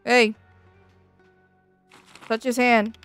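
High-voiced playful woman streamer. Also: very slow, smooth, soft background music. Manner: playful, excitable and mischievous. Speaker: VTuber streamer. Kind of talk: playful game commentary, reading dialogue aloud.

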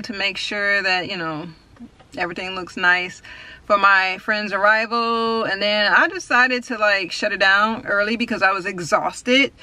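A woman's voice: mid-range voice, sharp tone. A woman filming a casual home vlog, chatting playfully with her kids and dog. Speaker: vlogger. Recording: echoey room with faint noise.

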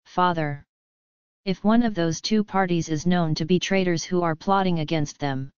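A woman's voice: fairly low pitch, moderate pace, a little mellow, smooth, dry recording, close to an everyday voice. A woman voicing a bold, anxious young princess questioning her father in an audiobook, urgent and questioning. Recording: slightly dull lo-fi audio.

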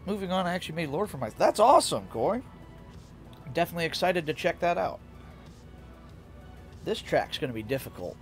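A young male streamer talks through his driving game in a fairly high voice that swings up and down a lot. He chats with viewers, reacts to the race and laughs easily, with faint game music under him. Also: big pitch swings, fairly quick, pauses often. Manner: chatty, reads and answers chat, laughs often. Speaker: VTuber streamer. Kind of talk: casual live-stream commentary while gaming.

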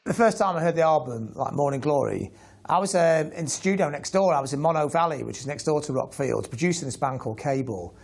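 A man telling a lively anecdote in an interview, casual, and acting out the lines he quotes. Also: on the high side, quick pace, creaky, husky. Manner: acts out the quoted lines in an animated way; casual, swearing.

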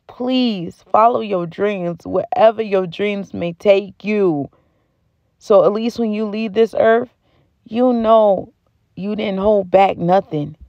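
A woman's voice: medium pitch, darkish tone, dry recording. A woman vlogger from the United States, chatting casually and slangily straight to her viewers about deals and her life. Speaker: beauty and home-goods vlogger. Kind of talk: casual chat to camera. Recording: dry, slightly muffled sound.

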